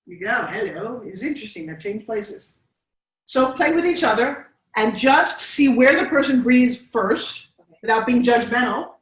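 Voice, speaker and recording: Recorded from a distance in an echoey classroom, a woman with a New York accent and a fairly high voice runs a live workshop at an unhurried pace. As an on-camera presence coach, she animatedly coaxes and directs her students through exercises.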